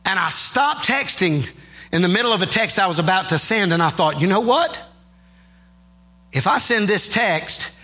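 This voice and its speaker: A man preaching a sermon, moving from quiet, musing storytelling to shouted, fervent declarations. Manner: swings between soft low musing and shouted, rising fervor.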